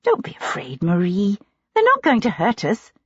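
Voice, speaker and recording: A woman voicing a composed young female captive who soothes gently but holds herself stiffly, in a dull, dry recording. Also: medium pitch, huge pitch swings, normal speed, breathy edge, dry recording. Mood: soothing.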